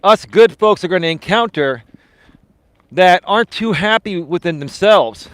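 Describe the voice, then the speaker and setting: A man hosts a live stream as a life coach, talking outdoors in an earnest, motivational way, calling his viewers "folks." His voice sits a little high for a man, and the sound is close and dry with no room echo. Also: expressive, a little slow, a bit bright. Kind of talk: casual live-stream talk while walking. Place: outdoors, walking.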